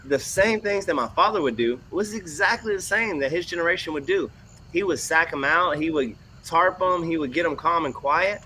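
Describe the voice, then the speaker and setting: A man who trains horses, commenting on student videos in a folksy, animated way. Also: on the high side, normal speed, slight background noise. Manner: folksy, animated, puts on voices for quoted people and horses.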